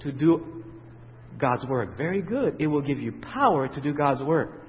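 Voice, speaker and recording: A man preaches a sermon in a slightly high voice, quizzing his listeners with questions they answer back. He swings between loud, emphatic peaks and quiet, low stretches. The sound is dull and muffled, with a long echo from a large hall. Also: lively intonation. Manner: asks the audience questions and pauses for their answers.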